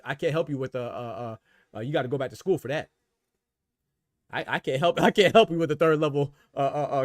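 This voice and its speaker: A man with a somewhat high voice hosts a boxing livestream and rants back at his chat. He mocks them, stumbles over words and repeats himself as he gets heated. The sound is dry and close to the mic. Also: dry recording. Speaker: boxing commentary livestream host. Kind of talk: livestream rant answering chat.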